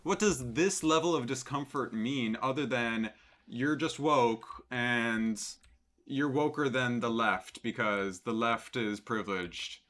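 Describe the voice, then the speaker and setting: A man's voice: mid-range voice, slow, a bit bright. A man streaming live, reacting to a clip with sarcastic, rambling commentary full of fillers.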